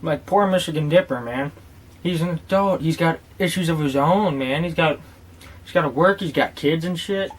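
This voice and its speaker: A man's voice: a little high, moderate pace. A man rambling through a casual vlog story and product review, swearing freely and joking as he goes. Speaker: tobacco dip reviewer.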